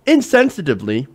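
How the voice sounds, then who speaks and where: With an extremely high, slightly rough voice, a young man hosts a political commentary show, swearing through a sarcastic, incredulous rant. It's opinionated news commentary.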